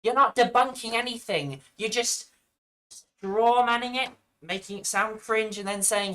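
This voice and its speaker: A woman's voice: a little high, a little slow, a bit bright, poor audio. A woman giving reaction commentary on a video, arguing back at the screen in an exasperated, argumentative way.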